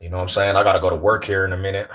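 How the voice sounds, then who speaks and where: A man chats casually on his livestream. He talks in loose slang, animated and teasing as he banters with the people watching. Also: sits low, racing. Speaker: livestream host.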